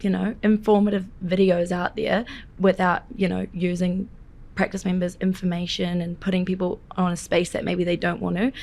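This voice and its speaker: A woman's voice: fairly low pitch, level tone, moderate pace, darkish tone. A woman from the audience at a live podcast Q&A, thinking aloud as she searches for her words. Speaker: audience questioner. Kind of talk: Q&A question from the floor.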